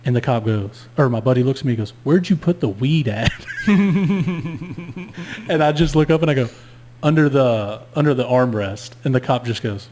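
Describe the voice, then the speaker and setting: A man's voice: medium pitch, normal speed, a little hiss or hum. A man casually telling a long story on a podcast, swearing freely and acting out every line of dialogue himself. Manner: animated, profane, acts out both sides of dialogue. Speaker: podcast co-host.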